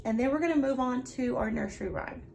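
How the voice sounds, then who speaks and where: A woman teaching a remote lesson to young children, speaking slowly and cheerfully to them as their preschool teacher. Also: on the high side, creaky, a little mellow, a little hiss or hum. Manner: slow, cheerful, talking to children.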